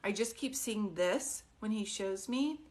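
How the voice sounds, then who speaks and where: Woman, psychic medium on a live stream, gentle and questioning, mid pitch, close phone mic. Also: measured pace. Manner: soft, consoling, often asks questions. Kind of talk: live-stream reading, casual and chatty.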